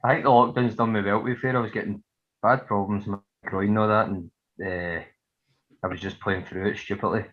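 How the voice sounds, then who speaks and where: A man's voice: lowish voice, steady tone, fairly quick, muffled recording. A Scottish man, a football club captain, giving dry short answers in casual chat.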